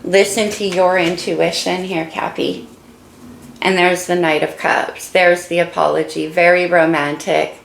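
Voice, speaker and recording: Tarot reader, woman, low gravelly voice that is fading, emotional and encouraging, echoey room with faint hiss. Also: level tone, moderate pace, few pauses. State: losing her voice. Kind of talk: casual tarot reading.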